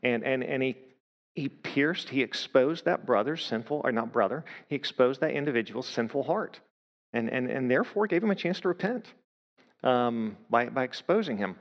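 A man preaching in a big reverberant hall, his voice pitched in the middle range. He tells his story in a loose, conversational way, often stumbling and restarting his sentences. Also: expressive, normal speed. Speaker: pastor. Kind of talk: sermon.

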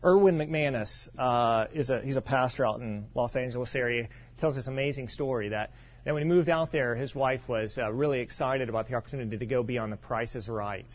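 A man's voice: mid-range voice, a little fast, dull audio. Conversational man from Kentucky preaching. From western Kentucky. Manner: conversational, storytelling with asides and repeated words. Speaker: pastor. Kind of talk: sermon.

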